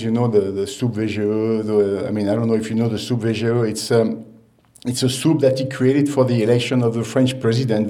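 A chef and restaurant owner giving an informal talk to an audience, halting with many fillers and restarts. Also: male voice, medium pitch, warm tone. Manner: storytelling, laughs at own anecdotes.

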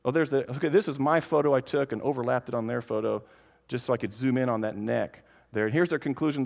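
A man giving a playful, animated conference talk to families, often speaking straight to the children. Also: medium pitch, quick pace, gravelly. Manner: animated, playful, addresses kids directly. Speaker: creationist speaker. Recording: long hall reverb.

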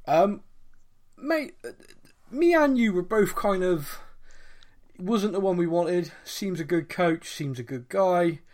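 A man's voice: high-pitched, lively intonation, slow pace, darkish tone. Chatty podcast host, a man. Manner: chatty, laughs often, mimics voices. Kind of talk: casual chat.

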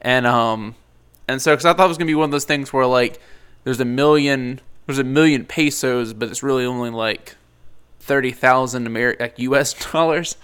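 Guy rambling about a movie, smooth clear voice, lots of likes and ums. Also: medium pitch, moderate pace, a bit bright. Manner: rambling, lots of fillers, jokey. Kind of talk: casual movie review chat.

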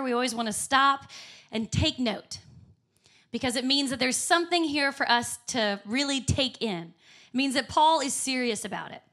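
A woman's voice: high voice, sharp tone. A woman preaching a sermon in church, upbeat and emphatic with frequent laughs. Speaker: pastor.

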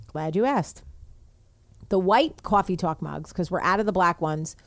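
A woman's voice: lowish voice, lively intonation, a little slow, no room sound. Brash, bossy woman podcast host. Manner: brash, bossy, self-promoting. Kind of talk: casual chat.

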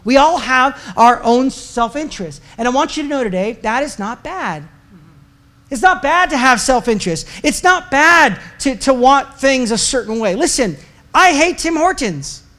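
A man preaching a sermon with a strikingly high voice for a man. He talks to the congregation in an easy, joking way and drives his points home by repeating them. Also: expressive, normal speed, fairly bright tone. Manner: conversational and joking, with emphatic repetition. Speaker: pastor. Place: church service before a congregation.

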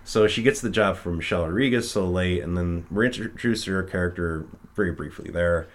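A man's voice: low voice, fairly quick. A man casually retelling a film's plot with many fillers, often acting out the characters' lines. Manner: rambling, full of fillers, acts out quotes. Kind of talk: casual film recap chat.

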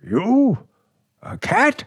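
An actor playing a nervous, stammering husband in a 1940s radio play. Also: male voice, extremely high pitch, wildly swooping pitch, drawn-out words, husky, no echo, clean studio sound, exaggerated voice. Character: timid frightened husband, Mr. Beaker.

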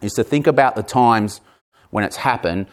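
A man in his forties preaching a sermon, emphatic, repeating words and moving between raised and hushed delivery. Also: mid-range voice, moderate pace. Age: 40s.

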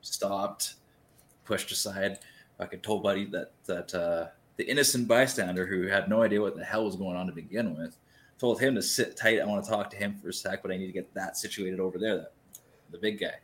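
Low-voiced man telling a rowdy story. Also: brisk, a little hiss or hum. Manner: rambling, profane, lively retelling. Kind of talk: casual storytelling.

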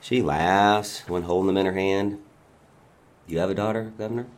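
A man reading a dramatic monologue as a father who calmly taunts a bound governor, his manner quiet, mocking and menacing. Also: low voice, normal speed.

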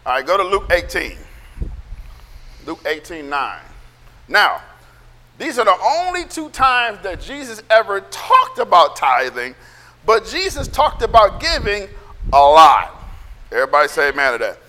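High-voiced, fiery male preacher. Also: wildly swooping pitch, measured pace, pauses often, long reverb tail. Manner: loud, emphatic, sounds like yelling; calls for amens from the congregation. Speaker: pastor. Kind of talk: sermon.

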